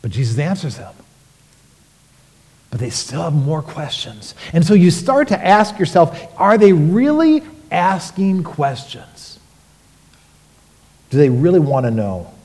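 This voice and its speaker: A man preaching a sermon as pastor, animated and rhetorical, with sudden emphatic rises. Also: on the high side, measured pace, pauses often, in a large hall.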